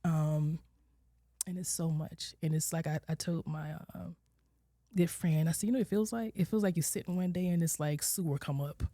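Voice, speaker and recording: Candid woman, low mellow voice. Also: fairly quick, no echo, studio quality. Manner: candid, quotes herself and her kids with lively shifts, drops to soft near-whispers. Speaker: guest, licensed clinical social worker. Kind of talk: emotional personal storytelling. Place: podcast studio.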